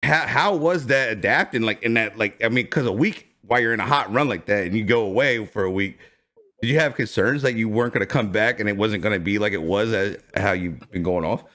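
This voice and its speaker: A young man hosting a podcast, telling stories in an animated, slangy way. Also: fairly low pitch, fairly quick. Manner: animated storyteller, slangy, laughs a lot. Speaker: podcast host. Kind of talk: casual podcast chat.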